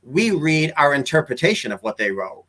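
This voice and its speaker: A man guest coach explaining his views in an earnest, conversational way. His voice sits a little high for a man. He often trips and restarts mid-sentence as he works through a point. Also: very animated, normal speed. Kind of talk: casual interview chat.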